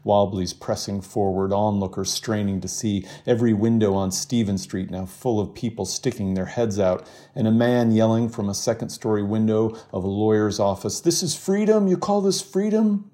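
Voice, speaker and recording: Low mellow-voiced novelist reading aloud. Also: male voice, little pitch movement, normal speed, hardly any pauses. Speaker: novelist guest. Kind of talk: reading from his novel, then conversation.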